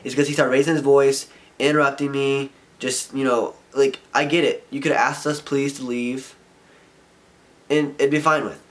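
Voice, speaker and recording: A man's voice: mid-range voice, flat delivery, normal speed. A young man vlogging, ranting in a frustrated, rambling way and filling his talk with "like". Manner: frustrated rambling, heavy filler "like". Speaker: vlogger and skater. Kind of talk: casual ranting vlog.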